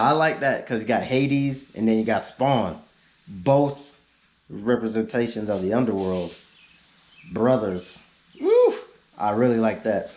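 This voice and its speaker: A man's voice: lowish voice, darkish tone. A man, chatting casually on his car vlog, reading out viewer suggestions with laid-back joking asides. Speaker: YouTube car vlogger.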